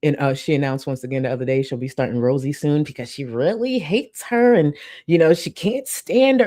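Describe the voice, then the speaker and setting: A woman's voice: low-pitched, brisk, mellow. A young woman hosting a casual commentary livestream, chatting and reading out supporter messages. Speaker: livestream host.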